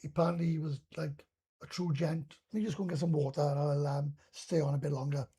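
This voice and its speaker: A man's voice: fairly high pitch, steady tone, fairly quick, warm tone, breathy edge. A Welsh man from Wales doing a casual live stream chat, rambling and ranting with heavy swearing.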